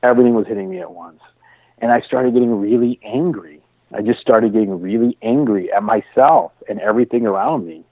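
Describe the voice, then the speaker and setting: A man telling his own story as an interview guest, earnest and halting, restarting and repeating words as he goes. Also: medium pitch, creaky, no echo. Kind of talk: personal storytelling in a conversation. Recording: dry, phone-like narrow sound.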